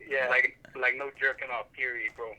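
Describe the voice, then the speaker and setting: A man's voice: medium pitch, little pitch movement, normal speed, background noise. A man co-hosting a casual podcast, rambling through a crude story and laughing often. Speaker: podcast co-host.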